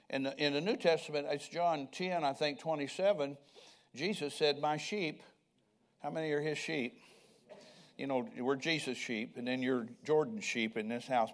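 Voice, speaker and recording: An older man, a pastor, preaches a sermon in a conversational way, often putting questions to the congregation. His voice is mid-range.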